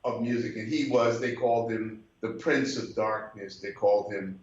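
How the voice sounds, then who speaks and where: This guest musician, an older man from Brooklyn, New York, spins a conversational story, often slipping into impressions of others. His voice sits on the low side, with a steady tone and normal speed, in a somewhat muffled, roomy recording.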